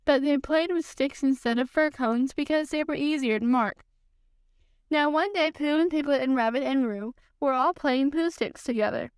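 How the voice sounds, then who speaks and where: A woman hosting a podcast, reading a children's storybook aloud in a calm, measured way. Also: high-pitched, dry recording. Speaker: podcast host, reader.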